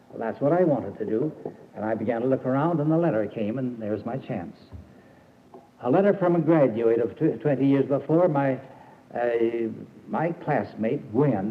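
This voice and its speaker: An older man giving a folksy, emphatic sermon to a camp audience, with fillers and restarts. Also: mid-range voice. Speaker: preacher and camp founder. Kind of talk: old recorded sermon. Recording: tinny archival tape with faint hiss.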